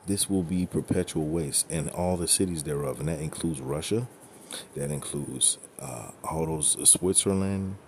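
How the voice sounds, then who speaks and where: A man's voice: a bass voice, moderate pace, darkish tone, slight background noise. A man teaching scripture in a blunt, profane, emphatic way, often checking in with "okay?" and "right?". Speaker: religious teacher.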